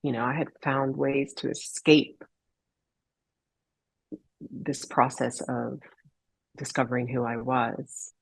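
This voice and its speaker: A woman's voice: a bass voice, little pitch movement, slow, gravelly, long pauses, husky, no echo, low-quality recording. A woman guest on a podcast, telling a heartfelt personal story in an earnest, reflective way and sometimes searching for her words. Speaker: podcast guest, holistic healer.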